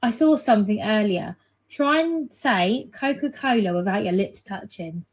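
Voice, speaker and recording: A woman's voice: medium pitch, lively intonation, moderate pace, low-quality recording. A woman in a video clip, chatting casually and teasing a man into trying a tongue twister. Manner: teasing, egging him on. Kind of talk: playful casual chat.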